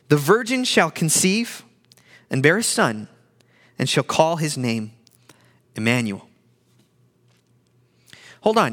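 A man delivering a sermon in a high, bright voice. He talks in an animated way, stumbling over and repeating words as he presses his points and acts out the lines he quotes. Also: in a large hall. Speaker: pastor.

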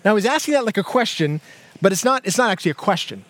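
A man's voice: sits high, animated, fast talker, a bit bright. A man, a pastor, preaching a sermon in a conversational way, with many fillers and restarts. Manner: conversational, with frequent fillers and repeated words.

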